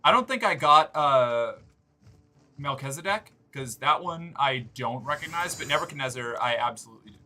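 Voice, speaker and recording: A man's voice: medium pitch, normal speed. A man streaming a game live, rambling and swearing as he plays and chats. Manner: animated, rambling and profane. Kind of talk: live gameplay streaming chat.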